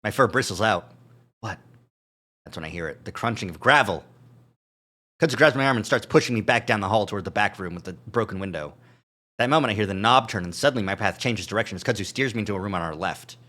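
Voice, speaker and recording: A male streamer reads a visual novel aloud on a live stream, adding joking asides and chuckles to the narration. His voice is on the low side and sharp in tone, and he talks fast.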